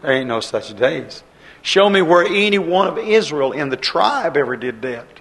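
A man's voice: a little high, big pitch swings, normal speed, vocal fry, a bit bright, rough recording. A man preaching a sermon in a folksy, conversational way, repeating his phrases and using plain, homespun grammar.

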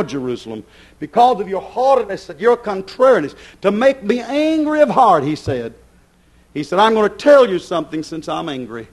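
A man preaching a fiery sermon, swinging between thundering shouts and low, intense passages.

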